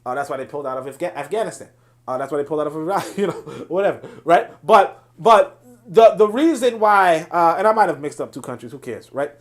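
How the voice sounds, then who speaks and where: A man's voice: on the high side, animated, fast. A man hosting a political livestream, reading viewer chat and commenting in a passionate, digressive way with frequent restarts.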